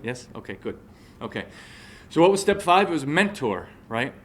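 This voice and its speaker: A man's voice: medium pitch, very animated, moderate pace, a bit bright. A man in his forties giving a live motivational talk to an audience, telling a personal story and often checking in with the listeners. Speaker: motivational speaker.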